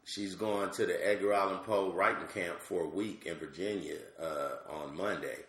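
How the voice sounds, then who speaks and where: A middle-aged male comedian telling animated, slangy stories as a podcast guest. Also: deep voice, moderate pace. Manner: animated, slangy, lots of asides. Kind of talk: comic storytelling on a podcast. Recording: roomy echo.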